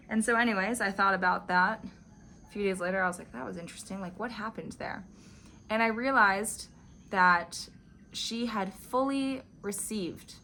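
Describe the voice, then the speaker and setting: A woman's voice: mid-range voice, bright, forceful tone, a little hiss or hum. A woman vlogger discussing spiritual teachings, telling a personal story in a casual, chatty way, full of "like" fillers. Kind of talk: casual reflective monologue.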